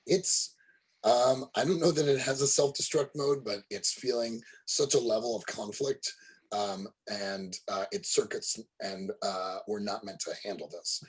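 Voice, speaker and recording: A man narrating a tabletop roleplaying game as its game master. He talks slowly and hesitantly, with a husky, slightly low voice. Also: low-quality recording. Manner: hesitant, full of ums and uhs.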